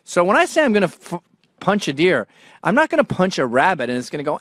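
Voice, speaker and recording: A man in his forties hosting a show, telling profane comedic stories and jumping between low mumbling asides and sudden loud outbursts. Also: sing-song, fast, no echo, clean studio sound. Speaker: show host.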